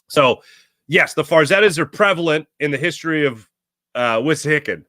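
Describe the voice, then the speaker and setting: Brief: Philadelphia sports talk host, crisp bright tone, dry close sound, rambling off-the-cuff delivery. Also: male voice, on the high side, expressive, moderate pace, no echo. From Philadelphia area, USA. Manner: rambling, self-correcting storyteller. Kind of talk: casual chat, answering live chat.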